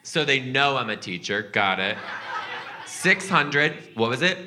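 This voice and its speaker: A man doing stand-up crowd work and telling a story, animated, profane and teasing with the audience. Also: medium pitch, unhurried, noisy background. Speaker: comedian and podcast host.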